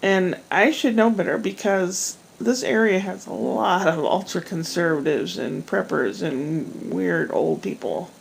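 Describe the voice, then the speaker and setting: A woman's voice: on the low side, animated, a little slow, vocal fry, hardly any pauses, a little hiss or hum, poor audio. A middle-aged woman chatting casually at home at night in a rambling, self-deprecating vlog. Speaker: vlogger. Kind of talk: casual chat.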